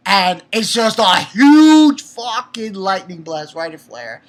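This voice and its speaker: Excitable, foul-mouthed man reviewing manga. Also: high-pitched, moderate pace. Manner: excitable, profane, laughs often; repetitive, emphatic. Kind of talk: casual spoken chapter review.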